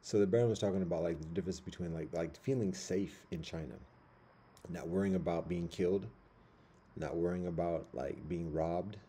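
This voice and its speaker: Low, dark-voiced man rambling. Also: moderate pace, slight background noise. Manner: rambling, street slang, many fillers and restarts. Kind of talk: casual monologue. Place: at home by a window.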